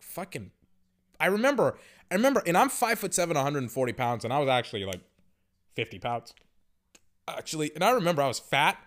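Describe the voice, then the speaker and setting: Young male podcast host, casual storytelling, heavy swearing, loose rambling delivery, mid pitch. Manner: profane, rambling, many fillers. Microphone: podcast microphone.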